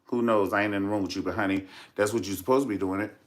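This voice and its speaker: A man's voice: lowish voice, fairly even intonation, rapid-fire. A man hosting a casual celebrity gossip vlog, sassy, dramatic and profane, calling his viewers "honey" again and again. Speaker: vlogger host.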